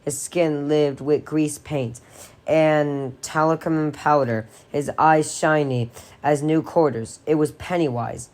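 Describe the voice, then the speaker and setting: A woman reading a horror novel aloud in a steady, expressive storytelling voice. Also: low voice, slow. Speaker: audiobook reader.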